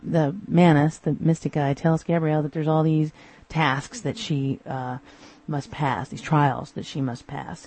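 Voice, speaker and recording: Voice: medium pitch, vocal fry, warm tone, husky. A podcast host recapping TV episodes in a casual, amused way, often acting out the characters' lines.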